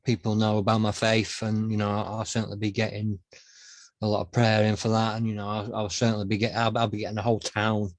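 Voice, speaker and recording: A man's voice: on the low side, monotone, fast talker, dry recording. A man, the interviewer, speaking in a hesitant, thoughtful way in a casual conversation. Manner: hesitant, many fillers and restarts. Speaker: interviewer, author and poet.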